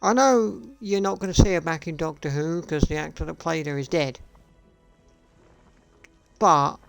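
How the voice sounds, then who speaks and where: A gaming streamer rants live in a casual way, sarcastic, profane and repetitive. His voice sits high and creaky, with no room sound.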